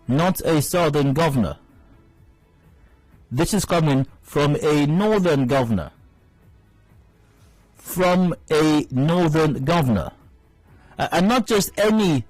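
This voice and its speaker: A man's voice: fairly high pitch, a little mellow, dry recording, low-quality recording. A Nigerian man hosting a radio show, giving indignant, emphatic commentary and repeating phrases for stress. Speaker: radio host. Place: radio studio. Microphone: studio mic.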